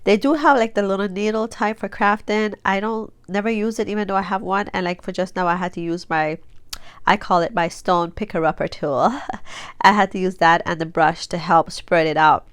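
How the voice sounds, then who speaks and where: A craft vlogger in her forties chats and rambles through a casual tutorial while crafting, her nose stuffy and blocked after sneezing, with many fillers and restarts. Her mid-range voice is smooth and steady at a moderate pace, recorded with no room sound.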